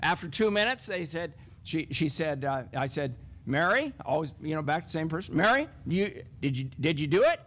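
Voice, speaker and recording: A man's voice: fairly quick, few pauses, slight background noise. A man speaking on a teaching panel, telling a classroom story and acting out the dialogue. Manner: animated, acts out classroom dialogue with raised pitch. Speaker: math professor on a teaching panel.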